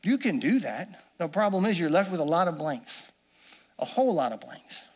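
Earnest high-voiced male preacher. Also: big pitch swings, moderate pace. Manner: earnest, repeats phrases for emphasis. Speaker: pastor. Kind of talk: sermon.

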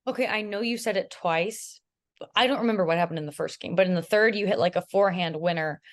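A young woman with a slightly low voice chats as a podcast guest. She tells stories with energy and slips into playful impressions of the people she quotes. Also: quick pace. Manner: animated storytelling, imitates others, laughs. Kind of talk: casual chat.

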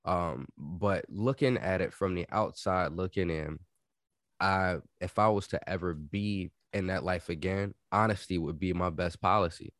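A man's voice: low-pitched, unhurried, fairly bright tone, dry recording, clean studio sound. A man in his thirties in casual podcast chat, opinionated and emphatic, jumping in with questions.

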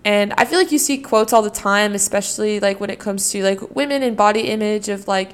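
A woman's voice: medium pitch, fairly quick, smooth. A young woman, a college student, talking casually and earnestly about her faith, often using "you know" and "like". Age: young adult. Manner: earnest, reflective, many fillers like "you know" and "like". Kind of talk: casual devotional talk.

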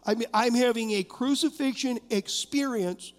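A man delivers an impassioned sermon from the pulpit. His voice sits unusually high, and he keeps turning to the congregation with direct questions. Long reverb from the church sanctuary trails every phrase. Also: unhurried. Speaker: pastor.

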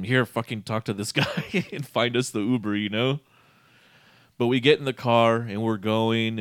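A man's voice: lowish voice, no echo, clean studio sound. A man casually telling a rambling, profane story, often breaking into laughter. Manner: profane, laughing, animated retelling.

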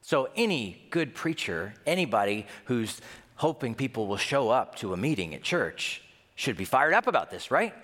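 A man preaching a sermon in a lively, animated way, sometimes acting out the voices of people he quotes. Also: mid-range voice, moderate pace. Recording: long hall reverb.

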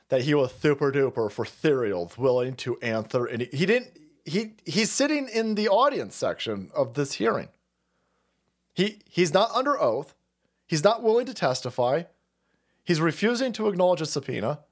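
A man running a profane, mocking political commentary stream. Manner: mocking, swearing, laughing, swings loud and low.

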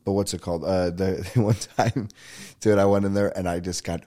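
A podcast host, a man with a very deep voice, jokes and teases his guest in loose, casual chat. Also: fairly even intonation, moderate pace, dark tone. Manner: teasing, joking banter.

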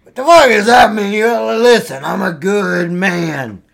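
A gravelly shouting wrestler, high and slow. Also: male voice, full character voice. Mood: bellowing. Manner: bellowing, growled catchphrases. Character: loud dim-witted male wrestler guest, boastful.

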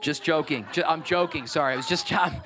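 A man preaches a sermon with energy, pushing his voice higher as he stresses each point. His voice sits high for a man. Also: brisk, fairly bright tone, a little hiss or hum. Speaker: pastor.

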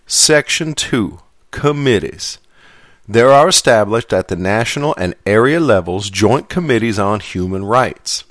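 A man voicing a formal Southern gentleman in a put-on Southern US accent, reciting contract clauses slowly and stately. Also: fairly low pitch, no room sound, clean studio sound, lightly acted. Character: formal adult male Southern gentleman reciting legal text.

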